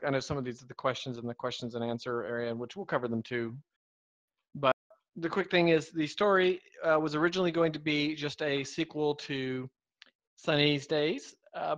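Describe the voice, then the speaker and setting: Guy rambling casually on a live stream, fixes his words a lot, kinda high voice, muffled lo-fi sound. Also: a bit bright. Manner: rambling, self-correcting, easygoing. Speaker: co-host of a fiction writing live stream.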